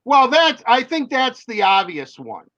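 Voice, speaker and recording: A man's voice: extremely high pitch, sing-song, unhurried, pushed and bright, no room sound, dull audio. A man, a hockey reporter, telling long rambling stories in casual chat, with many fillers and restarts.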